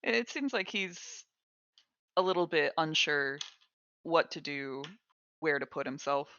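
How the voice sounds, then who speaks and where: Low-pitched, bright-voiced woman player. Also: expressive, slight background noise. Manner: slow, thoughtful, with hesitations. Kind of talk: describing her character in a tabletop game. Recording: dull, dry lo-fi mic.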